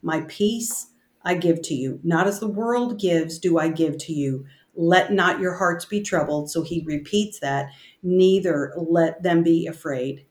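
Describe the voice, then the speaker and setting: Woman, lowish voice, slow and halting, reading and reflecting on scripture, roomy echo. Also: darkish tone. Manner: slow, halting, reads scripture aloud with many restarts. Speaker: bible study co-host. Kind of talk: casual bible study discussion.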